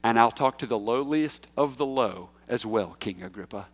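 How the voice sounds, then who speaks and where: A man preaching a sermon in a conversational, emphatic way, with big swings in pitch and loudness. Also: normal speed, few pauses. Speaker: pastor. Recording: echoey hall.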